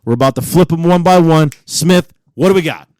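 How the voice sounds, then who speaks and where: A man in his forties, co-hosting a podcast, telling stories in a profane, animated way and laughing often. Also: fairly high pitch, fairly quick, dry recording, clean studio sound. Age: 40s. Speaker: podcast co-host. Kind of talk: casual chat.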